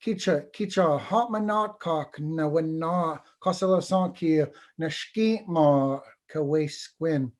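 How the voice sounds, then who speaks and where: A man's voice: a little high, slow, hardly any pauses, darkish tone. A man voicing a sad little male bird with a broken wing in a spoken folk tale, meek and pleading.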